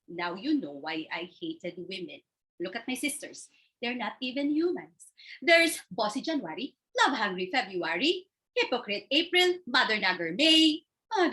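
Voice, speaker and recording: A woman's voice: a little high, sharp tone. Theatrical woman telling a comic story. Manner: theatrical storytelling, switching between voices. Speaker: contest speaker. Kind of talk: humorous speech performance.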